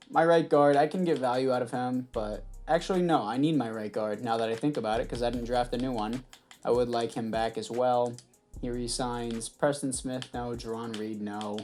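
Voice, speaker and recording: Offhand young man with a mellow voice. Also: mid-range voice. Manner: offhand, sarcastic, talks to viewers. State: throat catching, clearing throat. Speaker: gaming YouTuber. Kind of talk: casual gameplay commentary. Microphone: headset mic.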